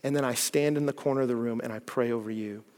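A man preaching a sermon, animated and shifting from loud bursts to hushed, earnest passages. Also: medium pitch, quick pace. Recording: long hall reverb.

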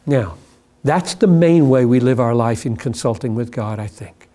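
A man's voice: medium pitch, animated, normal speed, dark tone. A man answering a listener's question as a pastor, earnest and emphatic, his voice climbing sharply when he stresses a point. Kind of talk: reflective spoken answer.

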